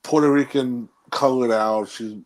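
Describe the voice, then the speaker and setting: Rambling man co-host, mid pitch. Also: steady tone, a little slow. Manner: rambling, restarts, mock-quotes others. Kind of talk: casual podcast chat.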